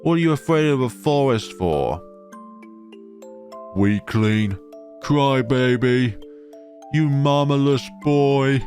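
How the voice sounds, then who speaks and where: A man's voice: mid-range voice, very animated, a little fast, few pauses, a little mellow, faint music behind, pitched above the performer's own voice, lightly acted. A man voicing a mean village boy bully, jeering and sneering.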